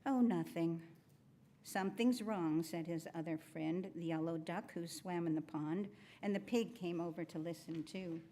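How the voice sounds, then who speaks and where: Low-voiced woman reading a children's story. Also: flat delivery, moderate pace, warm tone, a little hiss or hum. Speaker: storyteller at a worship service.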